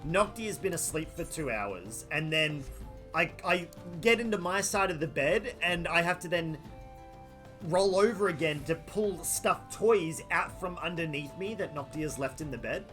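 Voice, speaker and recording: A chatty Australian man streaming a game from his room at home, greeting viewers by name in a friendly, rambling way. His voice sits a bit high for a man and moves lively up and down, with faint game music playing underneath. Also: moderate pace. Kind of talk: casual live game stream chat.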